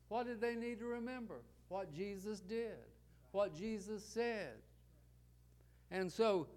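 Male preacher, sermon delivery, clear resonant tone a touch above average pitch, uses repetition and rhetorical questions. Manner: rhetorical questions and repeated parallel phrases.

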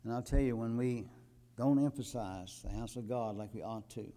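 An older man preaching a sermon to his congregation, building from calm talk to loud emphatic peaks and quoting scripture. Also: medium pitch, normal speed. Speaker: pastor.

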